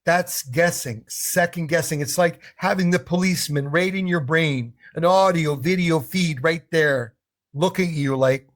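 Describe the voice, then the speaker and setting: A man's voice: fairly high pitch, measured pace. A middle-aged man talking casually to camera as an English confidence coach, telling stories and acting out little voices. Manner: animated storyteller who acts out voices.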